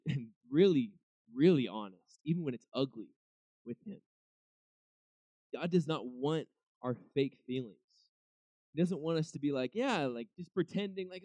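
A man's voice: mid-range voice, dark tone, no echo. A young man giving a casual devotional talk, conversational, often acting out what people might say to God. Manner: conversational, acts out quoted voices, many restarts. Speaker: preacher.

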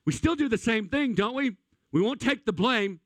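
A man preaching a sermon at a church service in an energetic, conversational way, talking straight to the congregation. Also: very high-pitched, moderate pace, no echo. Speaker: pastor.

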